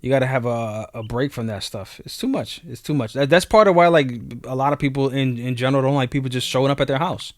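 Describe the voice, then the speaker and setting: A man co-hosting a podcast in relaxed, casual chat, with a mid-range voice. He is plain-spoken and often stops and restarts as he talks, and the sound is dry and close. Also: medium pitch, no echo. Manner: laid-back, plain-spoken, halting restarts. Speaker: podcast co-host.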